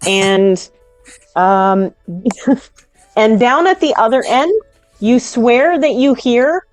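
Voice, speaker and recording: A woman runs a tabletop game as game master, narrating hesitantly with fillers. Her voice sits a little high, with faint music under it. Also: animated, extremely slow, no echo.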